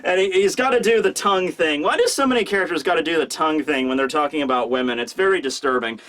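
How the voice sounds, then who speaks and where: A man with a high, boyish voice hosts a casual manga review. He rambles along, piling up fillers and asides. The delivery is loose and conversational. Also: quick pace. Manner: animated, rambling, lots of fillers. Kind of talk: casual video commentary.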